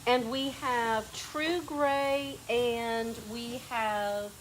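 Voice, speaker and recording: A woman's voice: a little high, steady tone, very slow, slight background noise, rough recording. A woman with a lazy Southern drawl hosting a painting demo in a workshop, chatting and coaching a helper as she works. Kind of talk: hands-on demonstration.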